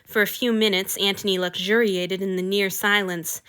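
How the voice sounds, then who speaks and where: A woman narrating a fan fiction story aloud in an expressive, lively way. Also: mid-range voice, moderate pace, smooth. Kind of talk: audiobook reading of fiction.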